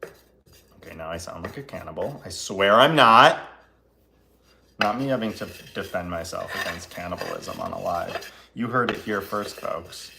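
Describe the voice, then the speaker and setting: A man's voice: low voice, moderate pace, vocal fry, bright, forceful tone, slight background noise. A man hosting a live baking stream from his home kitchen, chatting casually, joking and laughing often. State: laughing through a cut finger.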